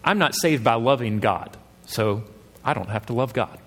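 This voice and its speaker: A man's voice: medium pitch, lively intonation, moderate pace, a bit bright, long reverb tail. A man preaching a sermon as a pastor, reasoning earnestly with his congregation and pressing his points with rising emphasis.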